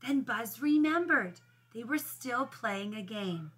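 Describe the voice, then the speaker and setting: A woman's voice: on the high side, expressive, slow pace, fairly bright tone, slightly rough. A woman first grade teacher reading a picture book aloud to children, patiently explaining how to read it with expression.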